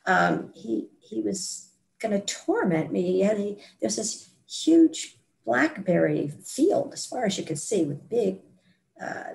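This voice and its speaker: Woman guest on a podcast, telling her story, kinda gravelly, laughs at herself. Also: medium pitch, slow. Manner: lively, self-mocking, laughs while telling. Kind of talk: personal storytelling.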